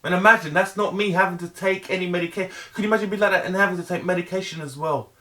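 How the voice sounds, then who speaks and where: A man's voice: sits high, pushed and bright. A middle-aged man giving an earnest, emphatic motivational monologue, repeating himself for emphasis and stumbling into restarts. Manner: earnest, emphatic, heavily repetitive; halting restarts. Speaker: vlogger.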